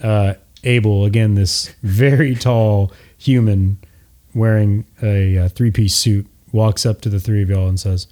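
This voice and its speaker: A man narrating a tabletop game as game master, relaxed, with frequent filler words. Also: on the low side, a little slow.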